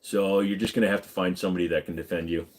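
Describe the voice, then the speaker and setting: A man's voice: low-pitched, flat delivery, fast. A man in his forties, tired after hours of live streaming, chatting casually and joking as he reads out viewer comments, swearing freely.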